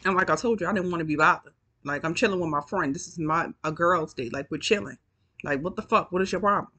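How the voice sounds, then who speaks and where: A woman's voice: lowish voice, fast talker, bright, forceful tone. Sleepy woman telling a storytime vlog. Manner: chatty, profane, addresses viewers as y'all. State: yawning, sleepy. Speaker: storytime vlogger. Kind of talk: casual storytelling to camera.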